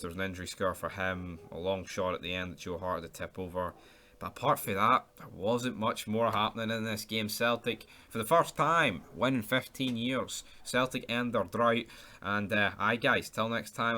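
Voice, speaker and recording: A young man talks through a football match in a loose, chatty review, swearing freely as he goes. His voice sits a little low but comes across bright and forceful. He sounds excitable and informal. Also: normal speed. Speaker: football channel host.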